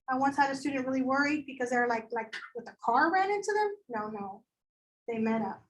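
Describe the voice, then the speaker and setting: In a brisk, low-quality recording, a woman gives a high school English lecture. She is chatty and animated, acting out quoted voices as she explains.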